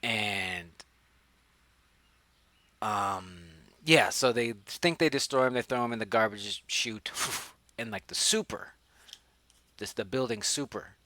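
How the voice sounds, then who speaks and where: A man hosting a podcast, reviewing a movie in a rambling, profane, animated way into a studio mic. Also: lowish voice, takes it slowly, pauses often. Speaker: podcast host. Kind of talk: casual movie review chat.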